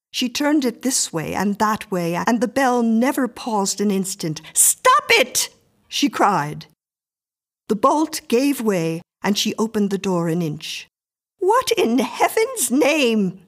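A woman narrating a short story as an audiobook in a calm, measured way. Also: mid-range voice.

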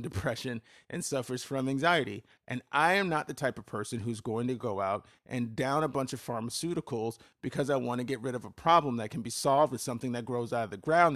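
A man's voice: mid-range voice, fairly bright tone, dry recording, studio quality. Blunt, profane man hosting a podcast. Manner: blunt and profane, with loose rambling restarts and fillers. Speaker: podcast host. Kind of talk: solo podcast monologue.

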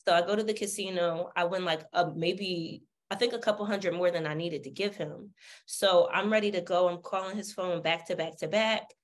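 Sassy, animated woman. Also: fairly low pitch, moderate pace. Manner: sassy, animated, swears freely, acts out the people she quotes. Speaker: podcast guest. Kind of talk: candid storytelling.

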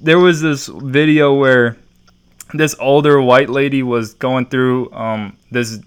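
A man co-hosting a casual podcast chat, relaxed and laughing often. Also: mid-range voice, slow, clear, resonant tone. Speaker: podcast co-host.

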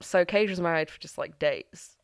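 A woman's voice: fairly low pitch, normal speed, vocal fry, clear, resonant tone, dry recording. A woman co-hosting a podcast in casual chat, dropping dry joking asides while sharing one microphone. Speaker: podcast co-host.

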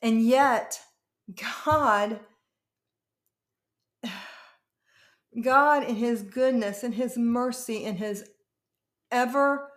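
A woman pastor telling her personal testimony in an interview, earnest and emotional, often halting and restarting. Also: a little high, echoey room.

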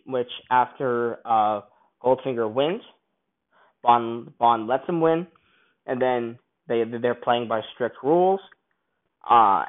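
Guy rambling about a movie, keeps restarting sentences, mid-pitched voice, sounds like a phone line. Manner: rambling and enthusiastic, many restarts. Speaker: film reviewer. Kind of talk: casual film review monologue.

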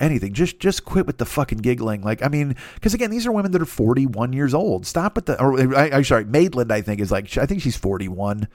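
Fast-talking man in a crude comic rant. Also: medium pitch, no room sound, studio quality. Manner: rambling, profane, jumps into mocking voices. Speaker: podcast host. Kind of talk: crude comedic monologue.

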